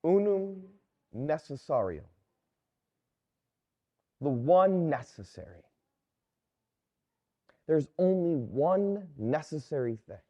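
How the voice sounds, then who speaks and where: A Catholic priest giving a sermon in a conversational, storytelling manner. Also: male voice, fairly high pitch, expressive, takes it slowly, pauses often, mellow, highs cut off.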